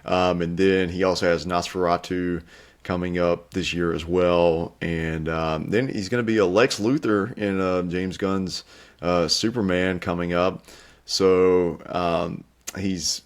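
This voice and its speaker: A man's voice: low voice, level tone, takes it slowly. A young man co-hosting a film review show, talking in an easygoing, chatty way. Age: young adult. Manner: easygoing, chatty, light laughs. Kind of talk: casual film review chat.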